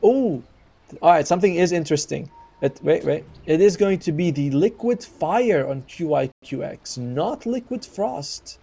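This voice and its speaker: A man giving casual color commentary and analysis on an esports match. He talks in a chatty way, thinking out loud with fillers and quick exclamations. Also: fairly high pitch, animated, gravelly, breathy edge.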